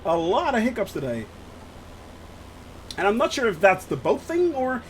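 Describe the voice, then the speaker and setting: High-voiced laughing streamer man. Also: sing-song, moderate pace, a little hiss or hum. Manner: jokey, laughs often, reads chat aloud. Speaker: flight sim streamer. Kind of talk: live stream chat with viewers.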